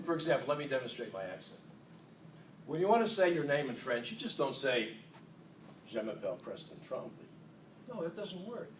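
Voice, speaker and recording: A man giving a humorous contest speech to an audience in a hall, playful and self-mocking, with unhurried comic timing. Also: fairly high pitch, a little hiss or hum. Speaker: contest speaker. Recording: echoey hall, distant mic.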